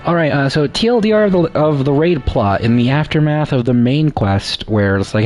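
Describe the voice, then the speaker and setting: A man's voice: mid-range voice, expressive, moderate pace, few pauses, darkish tone. A man giving casual, rambling commentary while playing a game, joking at his own expense. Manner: rambling, self-deprecating, lots of fillers and restarts. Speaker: gaming streamer.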